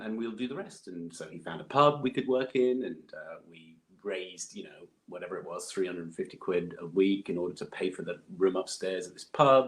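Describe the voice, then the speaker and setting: A man, chatting as a podcast guest, rambling with many fillers and restarts. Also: on the low side. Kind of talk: casual interview chat.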